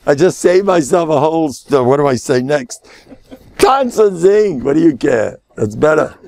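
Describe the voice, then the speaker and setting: A man's voice: a little high, moderate pace, creaky, a little mellow. An older man, a rabbi giving a jovial, laughing Purim sermon with mock-dramatic asides. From United States.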